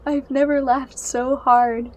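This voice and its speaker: A woman's voice: high voice, flat delivery, slow pace, a little mellow. A young woman giving a casual, exasperated spoken review of a book and its movie adaptation. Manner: exasperated, ranting.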